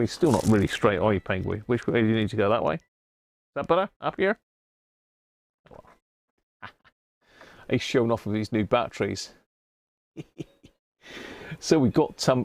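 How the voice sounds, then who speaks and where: A man's voice: medium pitch, gravelly, darkish tone, no room sound. A British man hosting a casual live stream, chatty and jokey, often reading labels aloud as he goes. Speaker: radio repair live-stream host.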